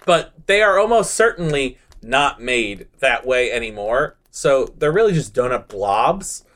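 A man's voice: medium pitch, very animated, unhurried, fairly bright tone. A man co-hosting a podcast in casual chat, playful and jokey. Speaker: podcast co-host.

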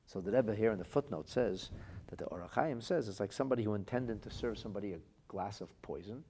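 A man's voice: fairly low pitch, fast, mellow, slight background noise. A man teaching a Torah class as a rabbi, reading phrases from classic texts aloud and translating them into plain speech. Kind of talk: lively text-based Torah lesson.

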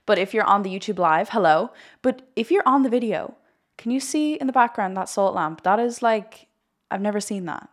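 Hosting a spiritual livestream as a coach, a woman addresses viewers directly, giddy, laughing and rambling through a casual vlog. Her voice is medium-pitched, animated and moderately paced, and one eye is watering.

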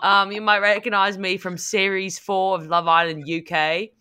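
A woman playing a boastful young male reality-show contestant pitching a product. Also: flat delivery, normal speed, sharp tone, smooth, lightly acted. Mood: cocky.

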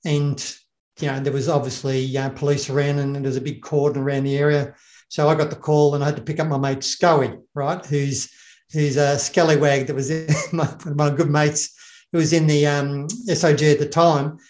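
A middle-aged Australian man swaps old war stories in an easygoing, rambling way, doubling back on his words. His voice sits a little higher than most men's. It rings around a hard, echoey room. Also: flat delivery, normal speed, a little mellow. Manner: rambling, repeats words and acts out quotes. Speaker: former bomb technician. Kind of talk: casual storytelling chat.

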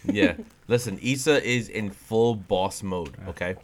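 A man co-hosting a casual wrestling podcast, relaxed and teasing, laughing often. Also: fairly low pitch, measured pace, a little hiss or hum. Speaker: podcast co-host.

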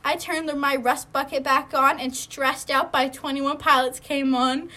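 A woman's voice: high-pitched, steady tone, normal speed, pushed and bright. A young woman reading her own old story aloud for laughs, often breaking into giggles. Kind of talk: comedic dramatic reading with laughter.

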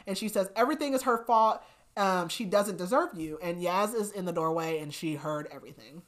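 Woman podcast host, casual book recap, fairly low voice, lively quoted lines. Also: a little fast. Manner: animated retelling with voiced quotes and laughs.

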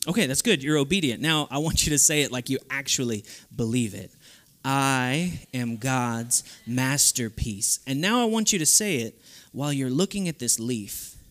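A man preaching an animated sermon at a youth camp, acting out the voices of the people he quotes. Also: medium pitch, fairly quick.

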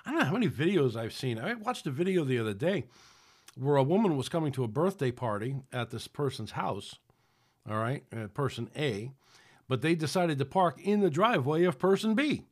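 A man's voice: a little high, big pitch swings, fairly quick. A man preaching on a podcast in a rambling, conversational way, with many restarts. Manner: rambling, with frequent restarts and acted-out quotes. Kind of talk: sermon-style podcast talk.

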